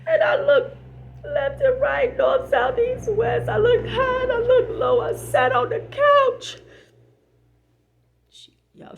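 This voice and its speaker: A woman voicing her upset friend on the phone, weepy, breathy and hushed. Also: very high-pitched, exaggerated voice. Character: distraught woman friend, tearful and whispery.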